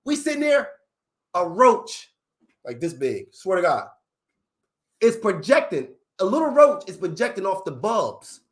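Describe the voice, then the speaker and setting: Animated young man telling a street story. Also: sits high, a little slow. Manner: animated, profane street talk, acts out quotes. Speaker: vlogger telling a story to live viewers. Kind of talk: casual storytelling.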